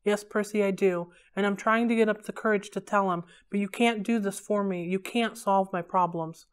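A woman reading aloud, voicing a gentle, worried mother who speaks in a hesitant, pleading way. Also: medium pitch, steady tone, normal speed, smooth, close to an everyday voice.

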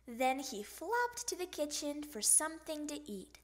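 A woman reads a picture book aloud in a high, lively voice that swoops up and down. She takes her time, savoring each sound effect and line. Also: unhurried, hardly any pauses. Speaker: storybook reader.

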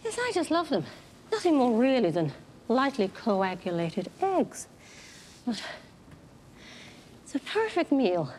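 She sounds a touch high but darkish in tone, very animated yet slow, with long pauses and slight background noise. The actress portrays a tall, chipper 1960s TV cook in her fifties, an exuberant cooking show guest in a television drama who warbles theatrically and drops French phrases.

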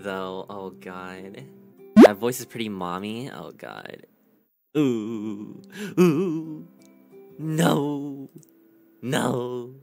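Male streamer, animated pitch, laughs at himself, faint music underneath. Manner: self-deprecating, laughing, rambling. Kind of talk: casual chat.

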